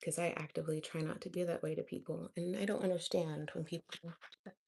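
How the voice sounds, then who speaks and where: A woman's voice: fairly low pitch, steady tone, quick pace, gravelly, a little mellow, slightly rough. A young woman vlogging in a casual, chatty way, talking to herself and laughing at her own slips. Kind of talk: casual chat while studying a language.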